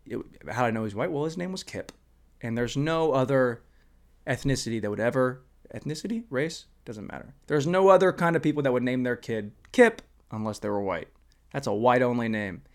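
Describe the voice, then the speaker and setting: A young man podcasting alone in his room, rambling and profane, swinging between loud rants and muttered asides. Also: medium pitch, lively intonation, a little fast. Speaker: solo podcaster. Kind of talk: casual comedic monologue.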